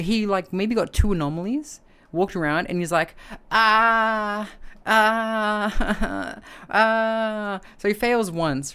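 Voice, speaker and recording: A woman, chatting casually as a streamer while reviewing a film, ending her sentences with "right?". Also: low-pitched. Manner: acts out the character with short mumbled lines and cries. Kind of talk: casual chat.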